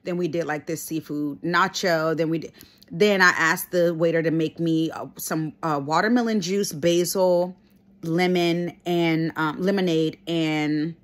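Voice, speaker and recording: Lady vlogger, low-ish voice, rambling casual storytime, laughs a lot. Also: unhurried. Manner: chatty and animated, full of fillers and laughs.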